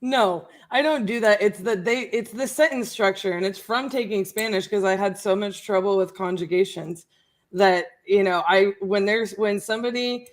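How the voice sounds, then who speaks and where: Ohio-raised woman chatting on a livestream, laughs a lot, mid pitch. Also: moderate pace. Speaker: co-host, real estate investor. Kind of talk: casual livestream chat.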